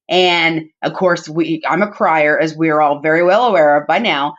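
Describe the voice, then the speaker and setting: A woman's voice: low voice, moderate pace. A woman, a podcast guest, telling personal family stories in a chatty, heartfelt way, with plenty of "like" and "you know" fillers. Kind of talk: personal storytelling in conversation. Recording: dull muffled audio.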